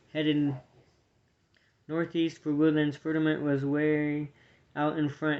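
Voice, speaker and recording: A man reading a storybook aloud to his children, with a steady, plain delivery and small slips. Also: on the high side, dull audio.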